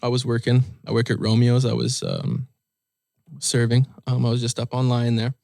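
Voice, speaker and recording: A young man telling a personal story in an interview, soft-spoken and heartfelt, with many fillers. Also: mid-range voice, completely flat delivery, moderate pace, vocal fry, no room sound, clean studio sound. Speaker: guest musician.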